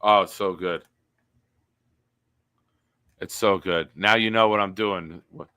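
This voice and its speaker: A man with a low voice hosts a casual sports live stream. He has a bright, forceful tone and reads chat comments aloud in an animated way. The sound is dry and close. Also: slow, clear, resonant tone, no room sound.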